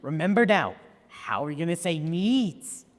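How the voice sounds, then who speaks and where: A bossy schoolteacher who lectures, snaps and shouts orders at small children, as a student actress plays her. Her voice jumps all over the place, heavily overacted for a high school stage. It rings through an echoey auditorium, picked up from a distance. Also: big pitch swings, normal speed. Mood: frantic. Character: strict bossy woman schoolteacher, shrill and threatening. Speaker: drama club student actor.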